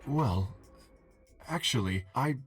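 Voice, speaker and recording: A man voicing a calm, formal masked character in a video game, speaking quietly and in a measured way, with music behind him. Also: mid-range voice, breathy edge, dry recording. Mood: hesitant.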